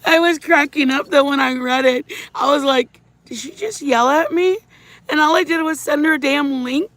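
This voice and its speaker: Brief: middle-aged woman livestreamer, gravelly, slightly high, chatty and rambling. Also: moderate pace, no echo. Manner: rambling, animated storytelling, shouts greetings to viewers. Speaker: livestream host. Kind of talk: casual chat with viewers.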